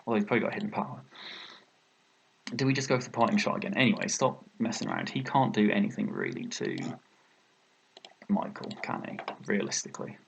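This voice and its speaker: A man's voice: fairly low pitch, very animated, brisk, vocal fry, long pauses, slight background noise. A young British man commentating his own competitive game match, thinking aloud and often exclaiming at his own mistakes. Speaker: gaming video creator.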